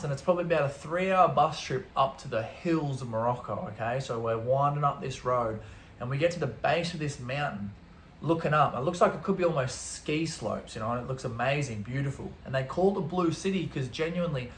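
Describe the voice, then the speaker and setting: An Australian man vlogging an animated travel story in laid-back slang, swearing freely. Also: fairly high pitch, slight background noise. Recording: roomy echo.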